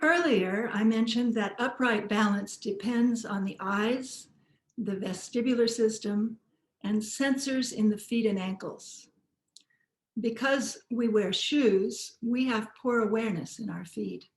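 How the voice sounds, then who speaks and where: A woman teaching posture and balance, giving calm, encouraging step-by-step movement cues. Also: fairly high pitch, a little slow, roomy sound. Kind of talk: guided movement instruction.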